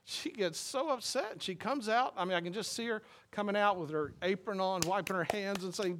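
A man's voice: sits high, lively intonation, fairly quick, fairly bright tone. A man preaching a sermon in a loose, conversational way, full of fillers and restarts. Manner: conversational, rambling, with frequent fillers. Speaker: pastor.

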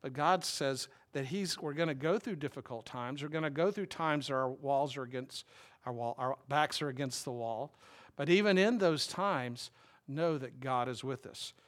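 A man's voice: medium pitch, moderate pace. A man preaching a sermon as a pastor, talking in a wry, conversational way and putting questions to his listeners.

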